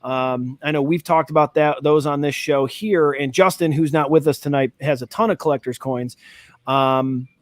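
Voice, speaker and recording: A man's voice: a little high, steady tone, normal speed, no room sound, clean studio sound. A man hosting a casual live reaction chat, talking in a rambling, enthusiastic way with lots of fillers and restarts. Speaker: host.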